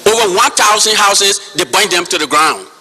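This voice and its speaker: Liberian man, 50s, impassioned witness addressing a chairman; sharp bright tone. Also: sits high, expressive, moderate pace, a little hiss or hum. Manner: forceful, repeats key words for emphasis, addresses the chairman. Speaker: witness giving testimony. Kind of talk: impassioned public testimony. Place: hall.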